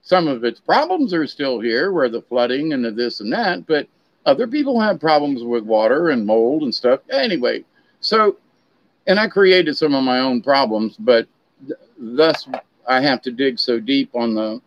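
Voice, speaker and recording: A middle-aged Florida man vlogs in a rambling, chatty monologue, telling stories and wandering onto tangents. His medium-pitched voice is very animated and moves at a moderate pace. The recording sounds slightly dull and dry.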